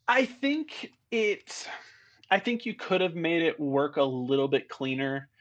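A man's voice: medium pitch, normal speed, highs cut off. A man co-hosting a casual movie podcast, agreeable and laid-back, telling anecdotes. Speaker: podcast co-host. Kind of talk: casual chat.

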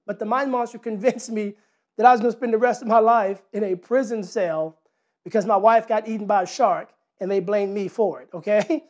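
A man preaching a sermon, talking in a conversational way with rhetorical questions, repeated words and a personal story. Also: sits high.

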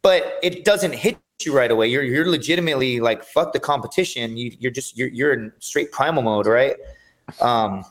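A man guesting on a podcast, telling his fighting stories in an energetic, profane, rambling way. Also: medium pitch, moderate pace. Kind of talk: casual storytelling chat.

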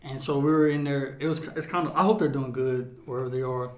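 A man's voice: medium pitch, fast. A man co-hosting a podcast, telling stories in casual chat with lots of swearing and laughter. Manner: animated storytelling, profane, laughing. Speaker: podcast co-host. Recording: roomy echo.

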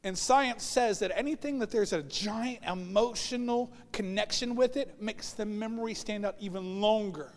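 A man's voice: high-pitched, moderate pace, few pauses, in a large hall. A man preaching a sermon as pastor, telling personal stories and acting out the voices of people he quotes. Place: church sanctuary.

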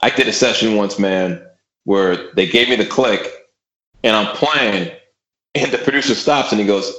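A drummer from Austin, Texas, guesting on a podcast, chats casually in a lowish, slightly bright voice at a moderate pace. He swears freely, repeats himself, and acts out things he once said. The audio is dull, recorded in an echoey room.

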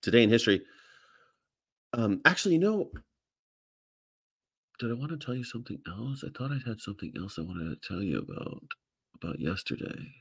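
A man's voice: medium pitch, animated, brisk, long pauses, slightly rough, no echo, clean studio sound. A man, a vegan activist, chatting casually and animatedly, with profanity and funny impressions of people. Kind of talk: casual chat. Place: Charlotte, North Carolina.

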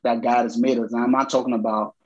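A man talking with real passion in a casual faith discussion. His voice is slightly husky, he projects it, and he leans on fillers as he goes. The recording is a bit dull and lo-fi. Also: mid-range voice, level tone, quick pace. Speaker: podcast co-host.

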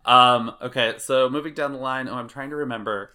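A man co-hosting a podcast, chatting casually and giving animated, drawn-out emphasis. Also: medium pitch. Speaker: podcast co-host.

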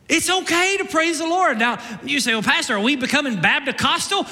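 A man preaching a lively, joking sermon as pastor, shifting into loud shouts and mock voices. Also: very high voice, quick pace, few pauses, in a large hall. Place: church sanctuary.

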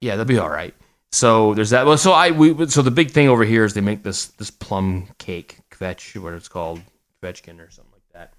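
Rambling low-voiced male podcast host. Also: expressive, normal speed. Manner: rambling, joking, many restarts. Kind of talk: casual chat.

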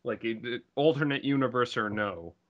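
A man's voice: mid-range voice, moderate pace, dull audio. A man co-hosting a podcast in casual chat, joking and retelling his own reactions. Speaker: podcast co-host.

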